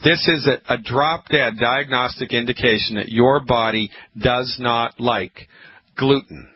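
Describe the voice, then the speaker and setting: A man hosting a call-in health radio show, lecturing emphatically and repeating his points, with a frog in his throat that makes him keep clearing it. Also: medium pitch, a little slow. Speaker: radio talk show host. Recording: muffled radio broadcast with faint hiss.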